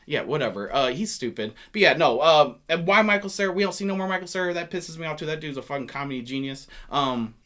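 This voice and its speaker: A man's voice: a little high, lively intonation, fast talker, hardly any pauses, fairly bright tone. A man in his thirties co-hosting a casual movie chat, profane and teasing. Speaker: co-host.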